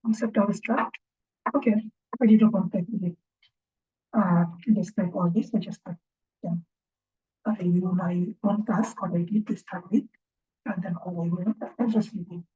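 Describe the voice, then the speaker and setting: A woman teaching an informal lecture speaks in a lowish, steady voice that's breathy, husky, dark, and mellow. She thinks out loud haltingly, pausing to check on the class and frequently ending points with "right?". The audio is dull and lo-fi.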